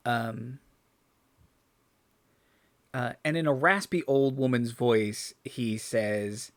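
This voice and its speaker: A man runs a tabletop game as dungeon master, his voice of middling pitch. He talks in halting bursts, full of fillers and restarts as he describes the scene.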